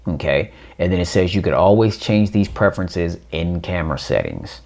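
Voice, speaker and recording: A man's voice: low voice, big pitch swings, moderate pace, creaky. A man giving a casual unboxing walkthrough, reading on-screen prompts aloud and talking to viewers as ladies and gents. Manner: reads on-screen prompts aloud, thinking out loud. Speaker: tech reviewer.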